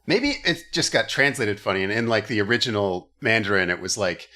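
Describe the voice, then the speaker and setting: A man's voice: mid-range voice, animated, a little fast, few pauses, sharp tone. A man hosting a comedy podcast, recapping a movie in casual chat and briefly acting out its characters in silly voices.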